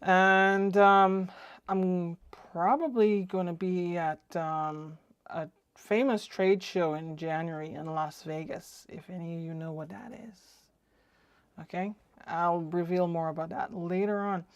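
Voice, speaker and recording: A woman's voice: lowish voice, fairly even intonation, measured pace, smooth, no echo, lo-fi sound. A woman hosting her own ham radio live stream, chatting casually and rambling with lots of fillers. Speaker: ham radio channel host. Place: home radio shack.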